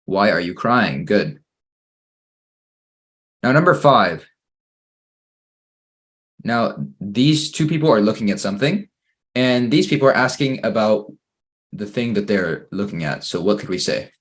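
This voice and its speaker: Man, English teacher, fairly low voice, patient, encouraging, slow careful reading, online lesson for kids. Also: lively intonation. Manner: patient, encouraging, reads exercises slowly and praises answers. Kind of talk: online grammar lesson for children.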